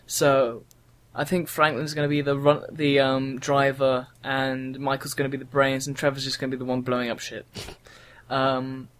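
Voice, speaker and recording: A man's voice: mid-range voice, flat delivery, normal speed, a bit bright. A young man co-hosting a casual gaming podcast, rambling with frequent ums. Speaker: podcast co-host.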